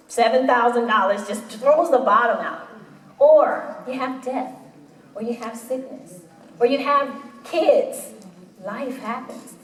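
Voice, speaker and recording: A woman in her forties gives an animated motivational talk, slipping into quoted voices as she tells her stories. Her voice sits a little higher than most, and she sounds set back from the microphone in a room with plenty of echo. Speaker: panel speaker. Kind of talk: motivational talk to a live audience. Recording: roomy hall audio from a distant mic.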